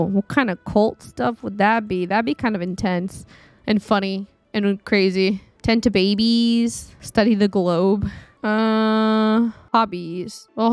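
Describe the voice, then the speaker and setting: A woman giving casual, chatty commentary while streaming a life-sim game, exclaiming and reacting loudly. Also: mid-range voice, no echo. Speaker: gaming streamer. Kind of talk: casual let's-play commentary. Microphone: desktop studio mic.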